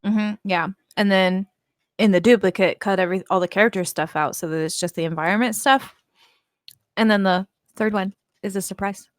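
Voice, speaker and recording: A playful woman chatting on a live stream, quick to laugh and tease. Her voice is mid-pitched and sounds dry and close. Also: steady tone, dry recording. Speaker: co-host and content creator. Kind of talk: casual stream chat.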